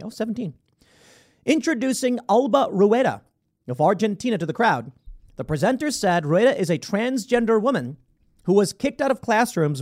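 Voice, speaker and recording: Sarcastic, lively-voiced male commentator. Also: sits high. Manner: sarcastic, incredulous, breaks into mock voices. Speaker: political commentator. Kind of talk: casual commentary on news articles.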